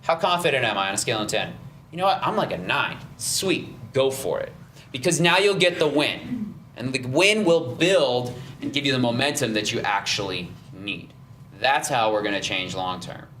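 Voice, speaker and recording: A man's voice: mid-range voice, expressive, moderate pace, a bit bright, slight background noise. Encouraging male fitness coach giving a casual nutrition seminar in a roomy studio, voice in the middle range. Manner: upbeat, encouraging, many "right?" and "okay?" checks.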